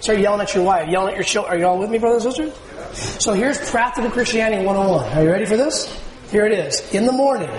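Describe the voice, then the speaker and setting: A man preaching with a high voice, throwing questions out to the congregation and answering them himself. The sound is roomy and echoey, as if caught in a church hall. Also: slight background noise. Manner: call-and-response preaching, asks the congregation questions. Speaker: pastor. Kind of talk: sermon.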